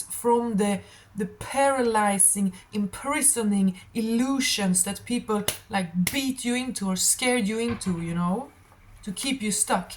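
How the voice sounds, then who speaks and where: A woman with a hoarse, tired throat giving a rambling, emphatic tarot reading to camera, repeating affirmations. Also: medium pitch, unhurried, poor audio. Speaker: tarot reader.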